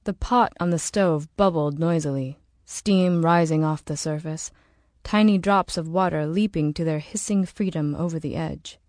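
A woman reading an audiobook in slow, measured, dramatic narration. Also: sits low, a little mellow, no echo, clean studio sound. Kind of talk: scripted narration.

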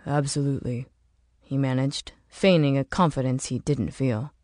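A woman narrating an audiobook in a steady, measured way. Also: rumbling low, no room sound, clean studio sound.

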